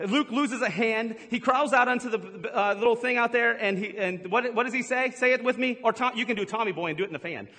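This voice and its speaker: Playful high-voiced man preaching. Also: sharp tone, breathy edge. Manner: playful, teasing the congregation with jokes and quick asides. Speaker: pastor. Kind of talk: humorous sermon. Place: large church hall with a live congregation. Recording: long hall reverb.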